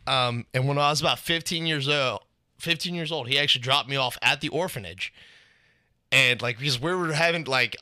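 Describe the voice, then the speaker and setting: Young man, casual profane storytelling, very bright voice, dry sound. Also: medium pitch, dry recording. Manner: laid-back, profane, acts out quotes. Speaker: podcast co-host. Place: studio.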